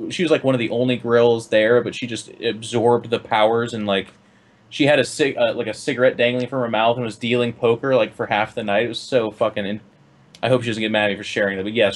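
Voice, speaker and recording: A man's voice: mid-range voice, fairly quick. A young man, a podcast host, telling a story in casual chat, swearing freely and acting out what people said. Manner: animated, swears freely, acts out quotes.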